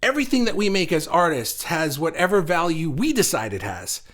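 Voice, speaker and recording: A man with a fairly high voice hosts a casual livestream for an art group. He responds to viewer comments in an encouraging way, and he often stumbles and repeats words as he talks. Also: big pitch swings, brisk, a bit bright.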